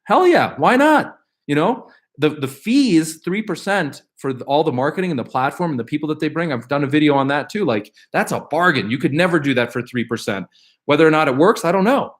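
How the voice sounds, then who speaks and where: Fairly high in pitch and fairly quick, a middle-aged host chats casually on a live question-and-answer stream. He reads out viewers' questions and responds with upbeat, rambling energy full of fillers and restarts.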